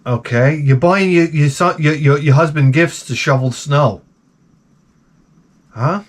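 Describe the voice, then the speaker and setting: A man delivers comedic advice as a sarcastic, profane rant. His voice sits a little higher than most men's. He sounds exasperated and keeps the jokes coming. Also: measured pace. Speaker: advice vlogger.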